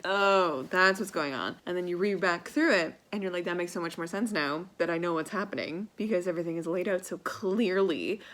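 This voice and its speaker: A woman book vlogger chatting casually and excitedly, rambling and reading passages aloud. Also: mid-range voice, a little hiss or hum. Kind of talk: casual reading vlog chat.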